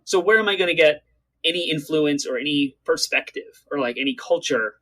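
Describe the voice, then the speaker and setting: A man co-hosting a gaming podcast, talking earnestly and quickly in casual chat, urging listeners to act. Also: fairly high pitch, sharp tone, low-quality recording. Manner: earnest, talks quickly to get through points. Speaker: podcast co-host.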